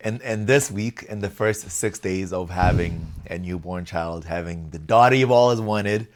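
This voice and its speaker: A man's voice: low voice, normal speed. Easygoing young man co-hosting, slangy. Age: young adult. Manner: easygoing, animated when joking, slangy. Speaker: podcast co-host, new father. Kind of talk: casual chat.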